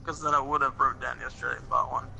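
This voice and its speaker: A man's voice: mid-range voice, fairly even intonation, quick pace, creaky, bright, forceful tone, low-quality recording. A man chatting while gaming, hesitant and wry. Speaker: co-player. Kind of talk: casual gaming chat.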